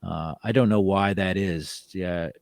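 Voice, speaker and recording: Low-voiced male podcast host. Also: a little slow, creaky, dry recording, clean studio sound. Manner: hedging with fillers, asks rhetorical questions. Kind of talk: casual sports and hobby chat.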